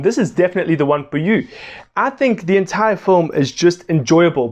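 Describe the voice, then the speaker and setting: A young man gives a casual video review of a film. He talks in an animated, excitable way, often breaking into laughter, and his voice sits a touch higher than most men's.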